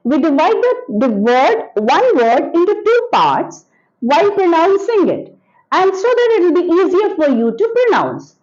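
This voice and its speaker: A woman teaching an English grammar lesson to children, repeating example words slowly and sounding them out. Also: very high-pitched, sing-song, a little mellow, muffled recording.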